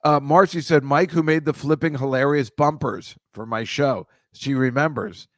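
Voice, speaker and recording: A man's voice: on the high side, normal speed, fairly bright tone, no echo. Middle-aged male podcast host, chatty and rambling, joking with the chat, dry close sound. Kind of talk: casual livestream chat with viewers.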